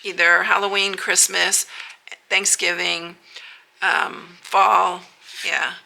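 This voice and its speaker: A woman's voice: fairly low pitch, little pitch movement, takes it slowly, gravelly, pushed and bright. A middle-aged woman hosting a casual paper craft vlog, chatty and emotional, often saying y'all. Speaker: paper craft channel host.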